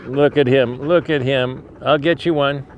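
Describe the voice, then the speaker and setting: A man's voice: medium pitch, steady tone, unhurried, dull audio, a little hiss or hum. A man who rescues animals, talking casually and affectionately to dogs at an outdoor sanctuary. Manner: coaxing, affectionate baby talk to dogs. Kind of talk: casual talk to dogs and camera.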